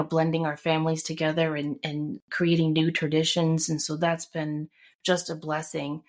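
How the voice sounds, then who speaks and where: Emotional middle-aged woman telling a story. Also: sits low. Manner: warm storytelling, emotional, acts out quotes. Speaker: podcast co-host. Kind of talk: casual chat.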